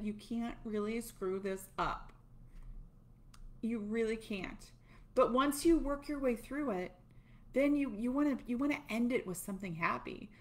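A woman's voice: medium pitch, a bit bright. A middle-aged woman casually walking viewers through a tapping routine, chatty and self-deprecating as she demonstrates. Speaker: tapping coach. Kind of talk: casual instructional talk.

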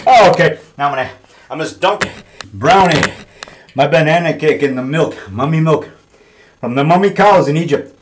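A man in a casual home video, talking loudly and boastfully in a goofy, joking way. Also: fairly high pitch, animated, normal speed, long pauses, reverberant, background noise. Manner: boastful, loud and goofy, jokey. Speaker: vlogger.

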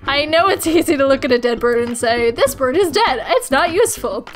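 A woman voicing an anxious, bossy female office manager who scolds in a halting, stern way. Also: high voice, lively intonation. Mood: exasperated scolding.

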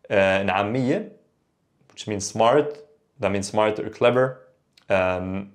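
A man's voice: medium pitch, darkish tone. Man teaching sounds, patient. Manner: explanatory, repeats words slowly for learners. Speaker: Arabic teacher. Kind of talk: online language lesson.

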